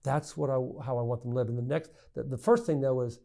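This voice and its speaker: A man's voice: mid-range voice, quick pace, gravelly. A middle-aged man, a state senator, telling family stories in a candid interview, stammering and restarting as he goes. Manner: animated anecdotes, frequent restarts and stammers. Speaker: state senator, podcast guest.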